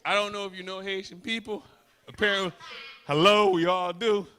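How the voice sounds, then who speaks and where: A male comedian working a live crowd, teasing and shouting one moment and hushed the next. His voice is bright and a little high. Faint clicks sit under the sound. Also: fairly even intonation, normal speed, a little hiss or hum. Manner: loud, teasing, swings from shouting to hushed asides. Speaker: stand-up comedian. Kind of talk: stand-up comedy with crowd work.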